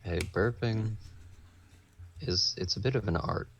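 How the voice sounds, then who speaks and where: A man's voice: fairly low pitch, measured pace, creaky, a bit bright, highs cut off, faint music behind. A man co-hosting a podcast in casual chat, joking and playing along with bits. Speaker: podcast co-host.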